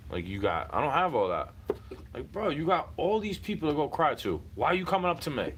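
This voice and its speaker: A man's voice: mid-range voice, a bit bright, slight background noise. A man venting in a heated, profane monologue, repeating himself and circling back to the same points.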